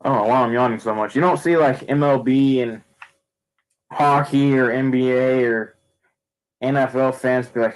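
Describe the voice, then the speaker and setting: Young male streamer, casual opinion rant, rambling delivery full of fillers, mid-pitched voice. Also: fairly even intonation, moderate pace, poor audio. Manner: rambling, frequent fillers and restarts. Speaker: wrestling streamer.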